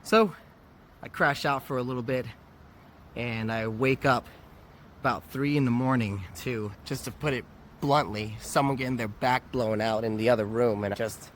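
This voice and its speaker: Outdoors near a convention area, with traffic faintly audible, a vlogger speaks in a mid-range voice at normal speed. Tired and still recovering from a cold, he shares a candid, reflective personal story in a casual way and laughs at himself.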